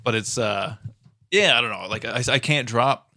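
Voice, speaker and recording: Man, Newfoundland accent, bright tone, animated casual talk. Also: mid-range voice, normal speed, gravelly, no echo, clean studio sound. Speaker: podcast guest. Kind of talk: casual chat.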